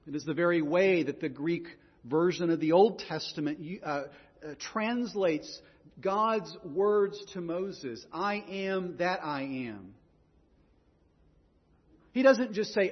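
A man's voice: high voice, animated, slow, breathy edge, long reverb tail, highs cut off. A man preaching a sermon in an earnest way, often repeating words as he goes. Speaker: pastor.

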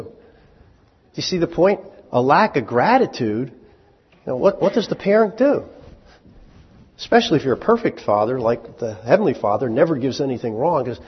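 Husky-voiced male pastor preaching conversationally. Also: mid-range voice, very animated, in a large hall. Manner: conversational, asks the congregation rhetorical questions; acts out short dialogue in quick voices. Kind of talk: sermon. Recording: muffled lo-fi recording.

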